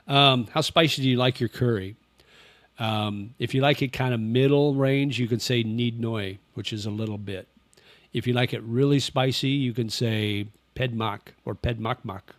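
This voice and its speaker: Speaking at a moderate pace in a mid-range voice with no echo, an older livestream host chats casually. He rambles comfortably while fielding chat questions, using a face-tracking webcam as his microphone.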